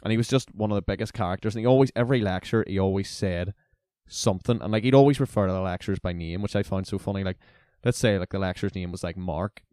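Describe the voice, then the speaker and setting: A man in his twenties, a university student, tells stories in casual conversation, leaning heavily on "like" and "basically." He's an animated storyteller with a low voice and a quick pace. The recording is clean studio sound with no room sound.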